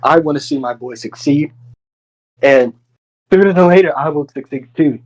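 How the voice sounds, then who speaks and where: A man in character as a wrestler, volatile and cursing, swinging between forced calm and anger. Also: a little high, moderate pace. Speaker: wrestler persona in a press conference roleplay.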